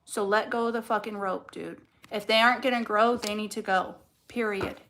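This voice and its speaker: A woman's voice: medium pitch, steady tone, moderate pace, a bit bright, a little hiss or hum. A young adult woman giving a casual tarot card reading, blunt and fired up, swearing heavily as she talks.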